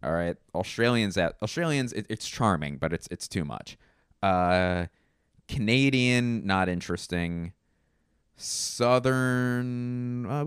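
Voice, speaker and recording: A man's voice: low voice, smooth, no room sound, clean studio sound. A man hosting his own podcast in a casual solo monologue, rambling and profane, with frequent restarts and fillers. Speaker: podcast host.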